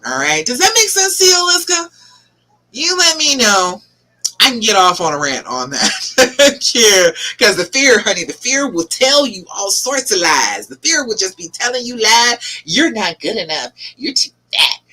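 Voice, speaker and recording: Animated, emphatic woman coach. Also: a little high, moderate pace. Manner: emphatic, coaxing, talks straight to viewers by name. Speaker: relationship coach hosting a live Q&A. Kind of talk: live-stream advice talk.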